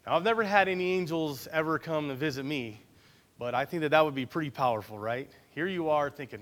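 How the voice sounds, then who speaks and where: A man's voice: fairly high pitch, animated, brisk, a bit bright. A man preaching a conversational Bible-study sermon, often checking in with his listeners by asking "right?".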